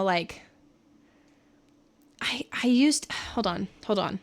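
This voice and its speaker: A woman's voice: medium pitch, expressive, a little slow, pauses often, fairly bright tone. A woman from California, a livestreamer and singer, chatting casually with viewers in a rambling way and laughing often.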